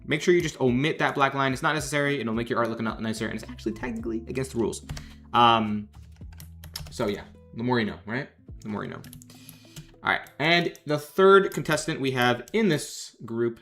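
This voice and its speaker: A man's voice: medium pitch, a little fast, a bit bright, soft background music. A young man hosting a livestream as a game developer, chatting casually and jokingly reading out comments. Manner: chatty, jokey, reads chat aloud and rambles.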